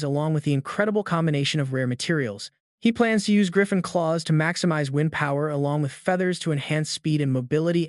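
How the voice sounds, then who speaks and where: A man narrating a fantasy comic recap in an even, steady scripted reading. His voice is slightly higher than most men's. The sound is close and completely dry. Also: no echo.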